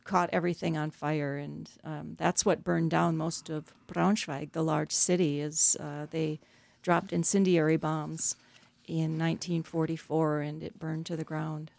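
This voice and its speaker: A woman's voice: deep voice, little pitch movement, unhurried, vocal fry, no room sound. A middle-aged woman, an author, talking earnestly as a guest in a radio interview with frequent hesitations. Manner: warm, earnest storytelling with hesitations.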